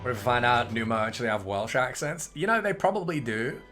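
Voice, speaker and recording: A man's voice: medium pitch, fast talker, over music. A man giving casual, jokey commentary while playing a game, rambling and chatty. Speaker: gaming streamer. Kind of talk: casual let's-play commentary.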